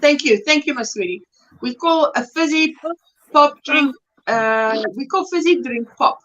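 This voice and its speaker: A woman's voice: high-pitched, lively intonation, measured pace, a bit bright, muffled recording. An older woman with a South African accent, hosting a casual live chat, laughing often and reading viewer comments aloud. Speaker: livestream host.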